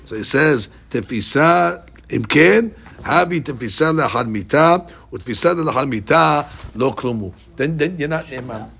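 Gravelly, husky man teaching Talmud. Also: on the high side. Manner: reads Aramaic slowly, explains in animated English. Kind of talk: Talmud class, reading and explaining.

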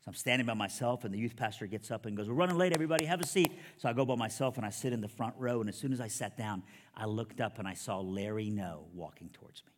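Storytelling preacher in a reverberant hall. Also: male voice, on the low side, quick pace. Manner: storytelling, animated quoted dialogue. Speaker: preacher giving his testimony. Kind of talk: sermon testimony.

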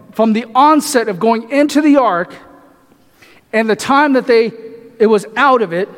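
A male pastor preaching a sermon, asking the congregation rhetorical questions and often adding "right?". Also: very high voice. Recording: echoey hall reverb.

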